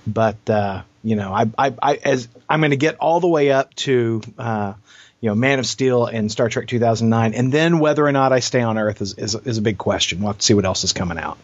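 A man's voice: mid-range voice, a little fast, no room sound. Hesitant podcast host man, lo-fi. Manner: hesitant, repeats words, laughs. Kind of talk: casual chat. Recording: dull lo-fi dry sound.

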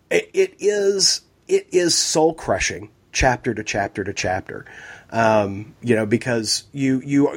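A man co-hosting a podcast in casual chat, a bit hoarse from a cold, rambling and wry. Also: medium pitch. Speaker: podcast co-host.

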